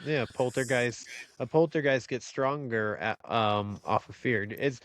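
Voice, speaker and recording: A man's voice: medium pitch, measured pace, a bit bright, no room sound. A male podcast host chatting casually in a laid-back way, swearing now and then.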